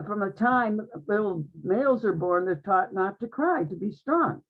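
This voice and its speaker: Woman, husky voice, earnest uplifting spiritual talk, phone-line sound. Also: medium pitch, animated, unhurried. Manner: earnest, uplifting, repeats phrases. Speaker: guest speaker in an online group conversation.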